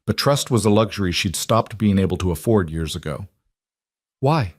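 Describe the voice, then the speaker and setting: A man giving scripted narration of a frontier story in a slow, solemn, measured way. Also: low voice, darkish tone, dry recording, studio quality.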